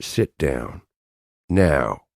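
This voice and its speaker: A man's voice: a bass voice, big pitch swings, measured pace, dark tone, dry recording, clean studio sound, full character voice. A man voicing a cold, commanding male alien agent in an audiobook, speaking in a clipped, exasperated way.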